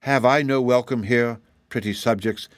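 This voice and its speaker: A man reading a gentle sorrowful princess. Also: medium pitch, fairly even intonation, no room sound, clean studio sound, natural voice. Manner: soft, gentle and slow.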